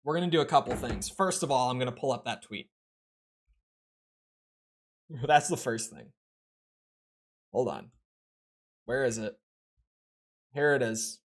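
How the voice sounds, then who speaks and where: Midwest accent dude streaming games, chatty and opinionated, kinda rambly, middle pitch. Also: male voice, measured pace, long pauses, soft background music. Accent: American Midwestern. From American Midwest. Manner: opinionated, animated, rambling with restarts. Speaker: game streamer. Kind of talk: casual live-stream chat.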